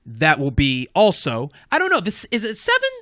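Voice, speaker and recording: Bright-voiced man co-hosting a gaming podcast. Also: fairly high pitch, huge pitch swings, brisk, no echo, studio quality. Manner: loose and rambling, full of fillers and restarts. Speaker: podcast co-host. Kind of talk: casual gaming news chat.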